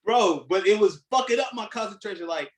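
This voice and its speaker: A man co-hosting a podcast, chatting casually, animated and profane, laughing as he tells stories. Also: high-pitched, fairly quick, reverberant, rough recording. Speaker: podcast co-host. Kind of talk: casual chat.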